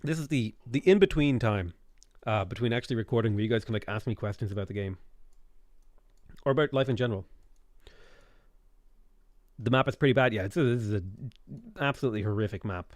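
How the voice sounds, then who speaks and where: A man's voice: fairly low pitch, a little fast, long pauses, no echo, studio quality. A man with an Irish accent, casually chatting on a live game stream, rambling as he reads out and answers viewers' questions.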